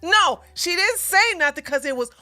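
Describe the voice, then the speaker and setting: A woman with a high, sharp, bright voice rants at her chat in blunt, cursing commentary. She mocks and repeats her points with a forceful edge, and faint music plays behind her. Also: expressive, a little slow. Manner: blunt, cursing, mocking, laughs loudly. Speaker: livestream host reacting to a clip. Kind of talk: heated profane commentary.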